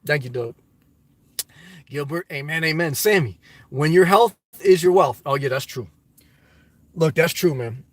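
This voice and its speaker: A man's voice: fairly high pitch, unhurried, long pauses, a bit bright, no echo. A middle-aged man from the US Northeast hosts a casual live stream, reading viewer comments and giving upbeat, preachy advice straight to his audience.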